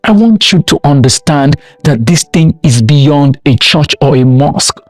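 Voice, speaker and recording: A man's voice: on the high side, animated, unhurried, no room sound, faint music behind. A man from Nigeria preaching a sermon with emphatic repeated refrains. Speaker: pastor.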